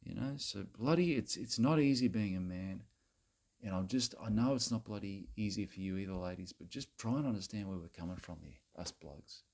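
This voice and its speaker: Man playing a crude Australian bloke, low husky voice, gravelly, rambling preachy rant. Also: brisk, darkish tone. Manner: rambling, repetitive, peppers every phrase with mate and bloody. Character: crude self-righteous Australian bloke lecturing women. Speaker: comedy character monologue. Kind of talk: satirical rant to camera.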